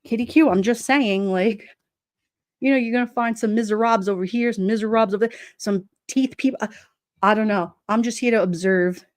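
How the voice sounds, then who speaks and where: A woman's voice: on the high side, fairly quick, dry recording, clean studio sound. A middle-aged woman with a New York accent chatting casually to her livestream, blunt and streetwise, often breaking into laughs. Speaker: livestream host. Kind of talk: casual live-chat talk.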